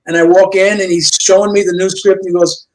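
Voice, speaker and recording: An older man, a guest comic book artist, telling lively anecdotes and acting out the dialogue of people he worked with. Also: high voice, fairly quick, low-quality recording. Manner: lively storyteller who acts out quoted dialogue. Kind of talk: storytelling anecdotes in a chat show interview. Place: remote video call.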